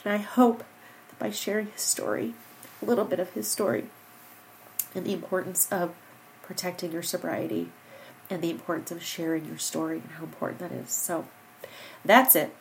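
A woman's voice: on the low side, fairly even intonation, moderate pace, gravelly, pauses often, a little hiss or hum, poor audio. Tearful woman hosting a podcast. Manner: heartfelt, earnest, repeats herself. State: tearful, crying at times. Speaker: podcast host. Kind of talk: personal podcast monologue. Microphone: studio microphone.

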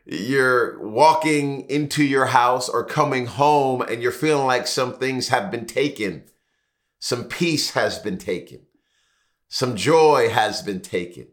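Bright-voiced male pastor preaching. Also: mid-range voice. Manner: repetitive preaching cadence, rhetorical questions, drawn-out emphasis. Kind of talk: sermon.

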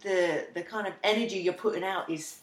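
A woman co-hosting a casual podcast chat, reflective and quick to agree. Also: lowish voice, reverberant. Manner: agreeable, reflective, many yeahs. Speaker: podcast co-host.

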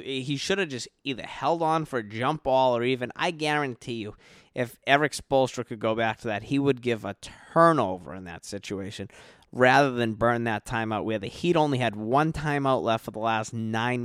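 A man's voice: mid-range voice, moderate pace, fairly bright tone, clean tone, dry recording, studio quality. A young man, tipsy and tired, rambling and swearing through a late-night sports rant in his bedroom. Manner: profane, rambling, yawning. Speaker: podcast host.

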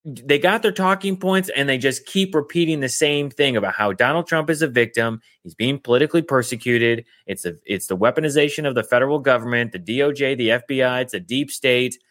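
A man's voice: medium pitch, brisk, few pauses, fairly bright tone. A man co-hosting a podcast, telling stories in a loose, rambling way full of "like" and restarts. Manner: rambling storyteller, many fillers. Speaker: podcast co-host. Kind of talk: casual podcast chat.

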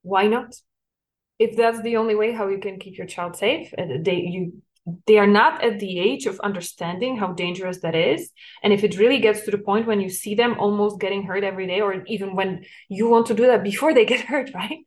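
A woman talks through a solo parenting podcast with an earnest, coaching tone. She explains things patiently and lets small laughs slip into her sentences. Her voice sits at an ordinary middle pitch. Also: a little fast, darkish tone.

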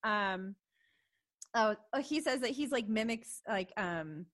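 A woman co-hosting a podcast, recapping a show in casual chat, giggly and animated with many fillers. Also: medium pitch, measured pace. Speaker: podcast co-host.

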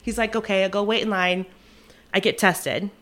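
A young woman, a flight attendant, telling a rushed travel story in casual chat, acting out quotes and laughing often. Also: mid-range voice, fairly even intonation, a bit bright.

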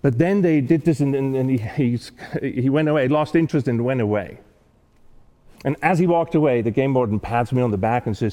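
A man giving a talk, telling a personal story in an earnest, animated way with frequent restarts. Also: mid-range voice, normal speed, big-room sound. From not American-born.

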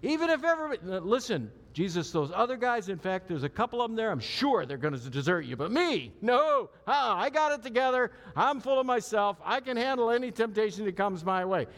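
A man voicing a boastful, overconfident disciple who insists loudly he will never fail. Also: high-pitched, animated, a little fast, few pauses, pitched above the performer's own voice. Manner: insistent, protesting, cocky. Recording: long hall reverb.

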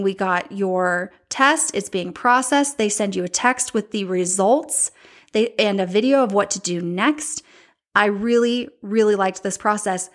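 Woman in her forties hosting her own podcast; candid, chatty storyteller who acts out quotes. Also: medium pitch. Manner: chatty and candid, breaks into animated quoted voices. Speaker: podcast host.

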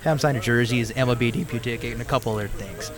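A man's voice: medium pitch, very fast, music in the background. A man casually chatting as a host, laid-back and saying "dude" a lot. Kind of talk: casual chat.

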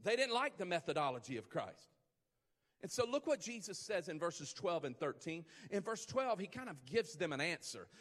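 Male pastor, emphatic preacher, high voice, long hall reverb. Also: sing-song, normal speed, fairly bright tone. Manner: emphatic, repetitive build-ups, rising intensity. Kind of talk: sermon.

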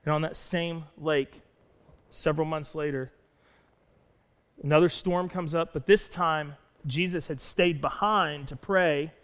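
A man preaching a sermon as pastor, telling a story with animated delivery and acting out the lines he quotes. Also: fairly high pitch, unhurried. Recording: long reverb of a church hall.

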